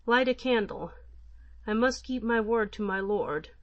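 A woman's voice: mid-range voice, lively intonation, a little slow, close to an everyday voice. Humble fisherman guy, earnest servant, woman narrating him, lo-fi muffled. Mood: plain.

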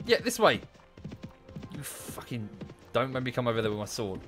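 A man's voice: medium pitch, sing-song, moderate pace, soft background music. A young man commenting on his gameplay, easily exasperated and swearing often. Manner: exasperated, swears a lot, shouts at the game. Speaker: gameplay streamer.

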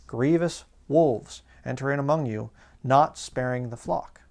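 A man preaching a sermon in a conversational way, slowing down to read scripture aloud. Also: medium pitch, vocal fry, darkish tone.

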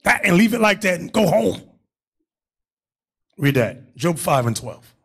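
A man's voice: sits high, sing-song, a little slow, a bit bright, breathy edge. A man teaching a Bible class in an emphatic preaching manner, calling on readers and staff between points.

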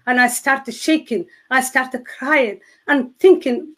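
A middle-aged woman from Somalia, a Somali native speaker, tells her personal testimony with halting phrasing and many restarts. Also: high voice, a bit bright. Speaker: guest telling her testimony.

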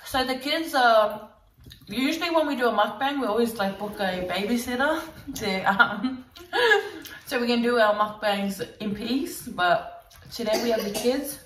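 A woman with an Australian accent hosting a casual vlog, chatting with lots of ums and likes and quick giggles. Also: a little high, expressive, fairly bright tone. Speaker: vlogger host. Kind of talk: casual chat. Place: at home with kids. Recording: roomy, distant mic, faint noise.

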